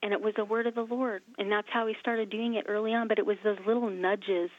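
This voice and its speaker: A woman's voice: mid-range voice, quick pace, no echo. A woman hosting a faith talk show, telling stories and acting out the dialogue in them. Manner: animated, acts out quoted dialogue. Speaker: host. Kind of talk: casual faith conversation, storytelling. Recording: tinny phone-like line, dry.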